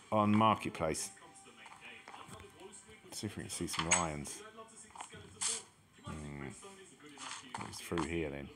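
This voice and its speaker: A man giving casual, chatty commentary as he explores a game map and exclaims at each new discovery. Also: low-pitched. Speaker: gaming channel host. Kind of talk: casual let's-play commentary.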